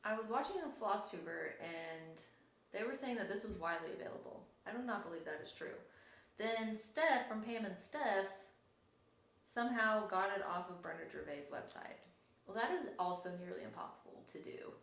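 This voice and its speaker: A woman's voice: mid-range voice, lively intonation, moderate pace, gravelly, a bit bright. A young woman hosting a cross-stitch vlog, chatting casually and rambling, often correcting herself. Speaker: flosstube host. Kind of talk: casual show-and-tell vlog. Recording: echoey room with faint noise.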